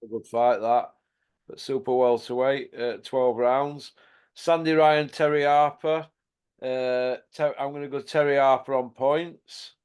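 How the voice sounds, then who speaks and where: A man's voice: mid-range voice, fairly even intonation, a little slow, a little mellow, clear, resonant tone. A man hosting a casual boxing chat, blunt and sweary, laughing often. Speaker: host.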